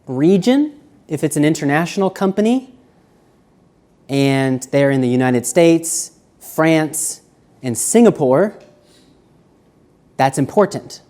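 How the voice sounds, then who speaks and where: Animated male seminar presenter. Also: fairly high pitch, slow pace, pauses often. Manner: animated, shifting between quiet and loud. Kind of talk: live seminar lecture. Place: university seminar room.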